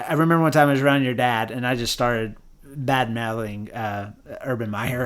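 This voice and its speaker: A man hosting a podcast, chatting casually and thinking aloud, with many restarts and agreeing asides. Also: medium pitch. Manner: halting, lots of fillers and restarts, frequent yeahs. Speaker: podcast host. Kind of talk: casual chat.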